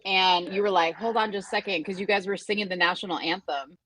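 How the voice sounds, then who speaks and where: A woman co-hosting a podcast, talking casually and reacting with quick interjections. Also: medium pitch, fairly even intonation, fairly bright tone. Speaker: podcast co-host. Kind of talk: casual chat.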